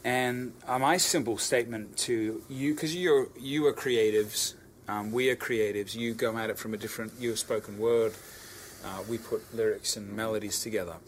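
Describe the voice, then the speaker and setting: A man's voice: on the low side, steady tone, moderate pace, a little hiss or hum. A man with an Australian accent, a musician giving an earnest backstage interview answer, searching for his words as he goes. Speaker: musician guest. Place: backstage at a concert venue.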